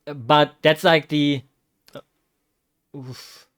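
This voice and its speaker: A fairly high-voiced man, chattering through a live football watch-along as a vtuber. His talk rambles and restarts, then jumps into loud, excited exclamations. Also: drawn-out words. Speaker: vtuber streamer.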